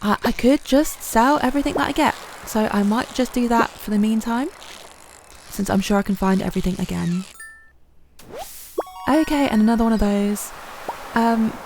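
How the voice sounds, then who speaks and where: A woman's voice: a little high, moderate pace, long pauses. A woman giving chatty, self-deprecating commentary over her gameplay, with plenty of ums. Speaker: gaming channel host. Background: soft game music.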